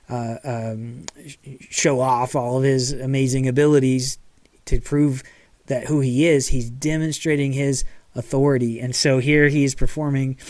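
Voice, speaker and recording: A man's voice: mid-range voice, dry recording. A man preaching a sermon as pastor in a casual, conversational way, checking in with "okay" and acting out quotes. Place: church.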